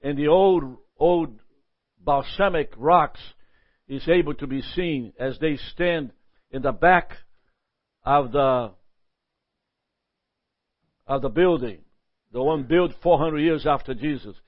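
A man teaching a Bible lesson in a lively sermon style, often asking "Amen?" and chuckling. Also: on the high side, slow, long pauses, no echo, dull audio.

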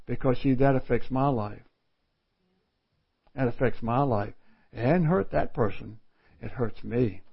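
A man preaching with a slow, unhurried delivery, folksy and self-mocking, often breaking into a laugh. The recording is slightly muffled and lo-fi. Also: medium pitch, gravelly, breathy edge. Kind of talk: sermon.

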